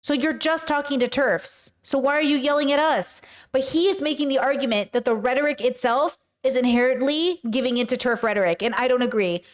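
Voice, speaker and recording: Woman, high voice, casual podcast commentary, animated, mimics voices. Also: brisk, few pauses. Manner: animated, often puts on mocking voices. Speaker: podcast host reacting to a video. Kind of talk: casual commentary with live chat.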